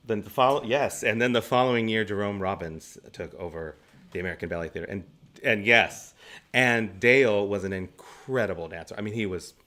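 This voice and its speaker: A man's voice: deep voice, sharp tone. A man in his forties, a guest actor on an interview show, telling chatty anecdotes and laughing often between stories. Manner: gives practical stage tips.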